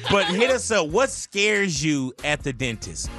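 A man's voice: high-pitched, big pitch swings, measured pace, over music. A man hosting a morning radio talk show, joking around in a laid-back way. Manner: laid-back, jokey, says "you know what I'm saying". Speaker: radio host.

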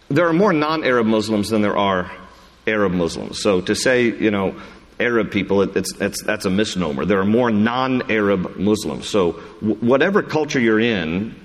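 A man, a pastor, talking in a conversational, self-deprecating way during a sermon question-and-answer session, animated when he tells stories. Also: on the low side. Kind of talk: sermon Q&A with congregation. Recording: long hall reverb.

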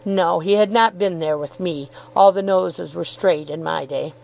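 A woman narrating a classic novel as an audiobook, in a measured, clear reading. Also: fairly low pitch, darkish tone, poor audio. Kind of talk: scripted narration.

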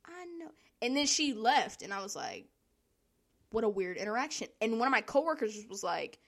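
A woman's voice: a little high, big pitch swings, normal speed, vocal fry. A young woman, telling a work story in a casual, profane monologue, laughing often and acting out the people she quotes.

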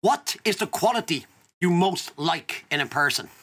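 A man's voice: on the high side, lively intonation, moderate pace, fairly bright tone, breathy edge. An Irish man hosting an interview, chatty and openly emotional, laughing often. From Ireland. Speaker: host. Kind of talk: casual interview chat.

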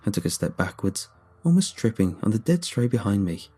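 A man reads a first-person horror story in a steady, measured voice. His tone is low, dark and husky. Faint music plays underneath the reading. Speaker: narrator. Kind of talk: scripted horror story narration.

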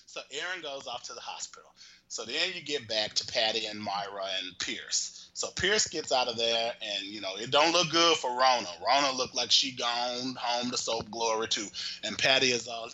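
Animated rambling man, bright voice. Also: medium pitch, moderate pace, slight background noise, low-quality recording. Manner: animated, rambling, cursing, acts out the characters. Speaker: storyteller recapping a soap opera. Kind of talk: casual chat.

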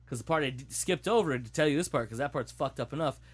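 A man in casual chat, retelling a story in an animated, profane way. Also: mid-range voice, fast talker, breathy edge.

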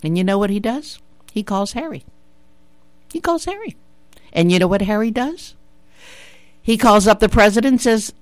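A woman hosts a talk radio show, voicing her opinions emphatically. Her pitch leaps and falls in a lively way, she repeats her points and tosses out rhetorical questions. The sound is dry and close, with no room echo. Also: moderate pace, pauses often. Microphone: studio radio mic.

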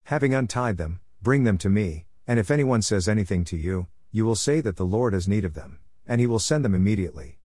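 Man, scripture reader, low voice, dry close sound, steady even delivery. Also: a little fast, few pauses, no room sound. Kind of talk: scripture reading.

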